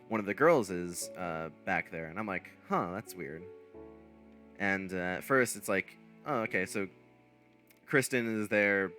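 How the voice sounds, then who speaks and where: His voice is fairly low yet bright, delivered with force. As a streamer spinning a casual, meandering anecdote, he keeps using fillers, restarting and correcting himself, and chuckling at his own expense.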